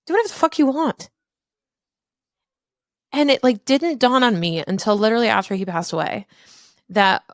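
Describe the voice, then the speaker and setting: A woman's voice: medium pitch, dry recording, studio quality. A woman in her thirties hosting a podcast, telling a personal story candidly and emphatically, with casual swearing. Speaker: podcast host.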